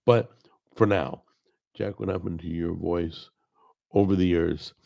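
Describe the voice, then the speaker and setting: A middle-aged man hosting a cooking show, chatting casually at his desk microphone, with a gravelly, strained voice from a paralyzed vocal cord, rambling and self-deprecating. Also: low-pitched, fairly even intonation, measured pace, warm tone. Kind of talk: casual chat to camera. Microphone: desk microphone recorded over a video call.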